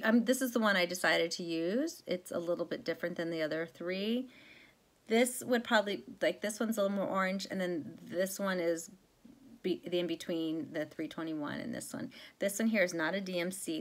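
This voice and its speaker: A rambling, chatty woman talks casually to her viewers, full of ums and restarts. Her voice sits a little low for a woman. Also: normal speed. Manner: chatty, rambling, many fillers and self-corrections. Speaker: cross-stitch vlogger.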